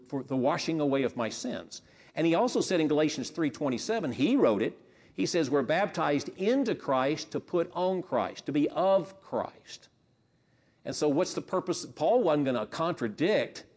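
Emphatic man preaching a sermon. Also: a little high. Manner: emphatic, rising and falling in loudness, rhetorical questions.

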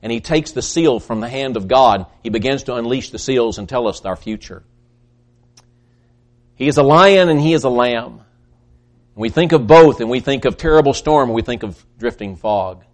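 A man preaching a sermon, swinging between loud emphatic peaks and hushed, soft passages, often repeating words as he builds. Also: mid-range voice, normal speed. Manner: repeats words when excited.

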